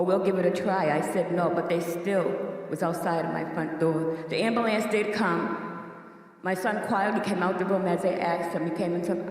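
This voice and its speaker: An older woman, a bereaved mother, giving slow, heavy, insistent testimony at a community meeting, repeating herself as she speaks. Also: lowish voice. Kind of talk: emotional public testimony. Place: public meeting hall. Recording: echoey hall, voice from far off.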